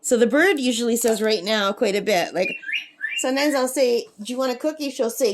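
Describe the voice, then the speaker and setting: A woman's voice: a little high, fairly quick, slight background noise. A woman chatting casually to camera at a lakeside camp, laughing often and cooing at her pet bird. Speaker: craft vlogger.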